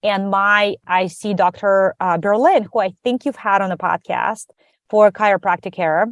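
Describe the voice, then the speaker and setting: Woman guest recounting a personal story, lively and chatty, medium pitch, dry close sound. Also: moderate pace, dry recording. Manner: animated, acts out quoted dialogue. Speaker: podcast guest. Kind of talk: conversational storytelling.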